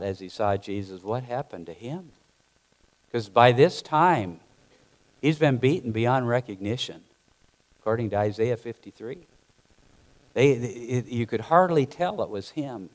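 A man preaching a sermon, telling the story dramatically and acting out the scenes himself. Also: medium pitch.

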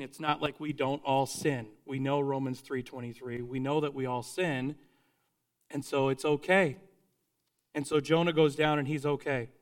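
A man's voice: on the high side, a bit bright. A man preaching a sermon in an earnest, conversational way, sometimes restarting his sentences.

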